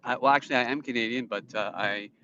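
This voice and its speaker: Here the New Jersey livestream host talks fast at medium pitch, sounding pushed and bright as he drives and rambles through answers to viewer comments. The phone mounted on his dashboard yields dull lo-fi sound in the dry car, with a little hiss or hum.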